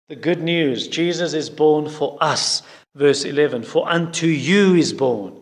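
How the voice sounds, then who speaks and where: A man's voice: on the high side, unhurried, big-room sound. A man preaching a sermon, earnest, often putting direct questions to his listeners.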